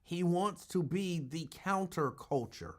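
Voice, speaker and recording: A man's voice: high-pitched, slow, over loud music. Emphatic man hosting a call-in show. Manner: emphatic, argumentative, repeats points for effect. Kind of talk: casual call-in commentary.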